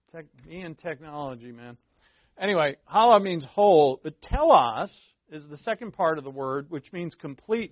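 Male pastor, slightly high voice, chatty teaching sermon with asides, slows down on key words; dull, dry lo-fi recording. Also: dry recording. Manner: conversational, wandering teaching with asides and self-corrections; stresses key words, slowing down for emphasis.

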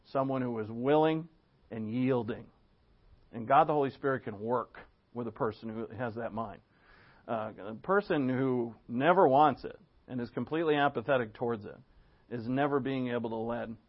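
A man preaching a sermon to his congregation in an animated, conversational way, asking rhetorical questions as he goes. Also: mid-range voice, normal speed, muffled recording. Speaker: pastor. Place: church.

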